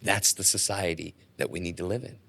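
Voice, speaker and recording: Low-pitched, creaky, and fairly quick, this middle-aged podcast guest tells stories casually. He's an animated storyteller who acts out the dialogue.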